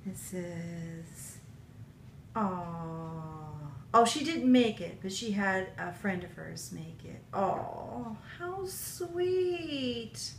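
A woman vlogging an unboxing at home, gushing and emotional, with drawn-out breathy exclamations. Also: medium pitch, a little hiss or hum, rough recording. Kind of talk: casual unboxing vlog. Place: home kitchen counter. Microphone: camera on tripod.

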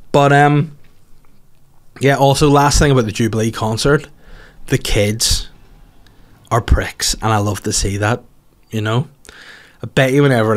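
A man in his mid-thirties with a Northern Irish accent, hosting his own podcast as a comedian. He rambles through casual stories, swears freely and keeps things jokey. His pitch sits in the middle of the male range. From Northern Ireland. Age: 30s. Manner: sweary, rambling, jokey, slips into mocking voices. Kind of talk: casual solo podcast monologue.

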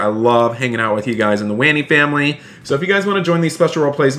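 A man's voice: medium pitch, fairly bright tone. A man live-streaming a role-play game, chatting upbeat to his viewers and thanking donors. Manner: upbeat, chatty, addresses chat often.

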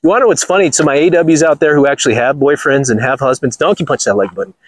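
A man's voice: a little high, fast, no echo, low-quality recording. A man from Los Angeles, hosting a blunt, crude vlog rant while walking outdoors on a golf course. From Los Angeles, USA. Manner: blunt, crude and mocking, laughs often. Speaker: channel host.

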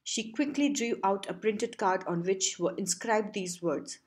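A woman reading a short story aloud as an audiobook narrator, steady and measured. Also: medium pitch.

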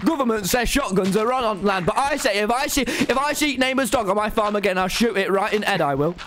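A young man putting on a belligerent country bloke who blusters and swears in a thick dialect. The voice is high, and it swings about wildly. Music plays clearly underneath. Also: animated, a little fast, a bit bright. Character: gruff belligerent rural English man. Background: background music.

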